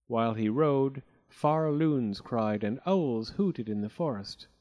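A man narrating a storybook aloud in an expressive way, slipping into character voices. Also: medium pitch, slow.

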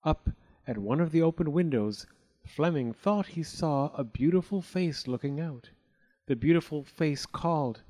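A man narrating a storybook aloud in an expressive way, slipping into character voices. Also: medium pitch, normal speed.

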